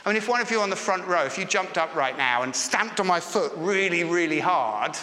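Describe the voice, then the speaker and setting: Preaching in an echoey church hall with long reverb, a man talks conversationally and puts questions to the congregation. His high, sharp voice is animated and fairly quick.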